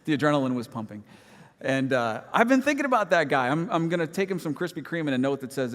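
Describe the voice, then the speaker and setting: A pastor with a fairly high, bright, sing-song voice preaches quickly in a large church sanctuary hall. He tells a personal story in a conversational, self-deprecating way, sprinkling in humorous asides.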